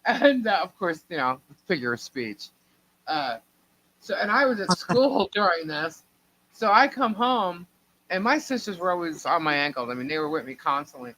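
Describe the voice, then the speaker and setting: A woman's voice: lowish voice, animated, normal speed, a bit bright, a little hiss or hum, poor audio. A middle-aged woman co-hosting a live stream, telling a long family story in a rambling, chatty way and laughing between sentences. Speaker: livestream co-host.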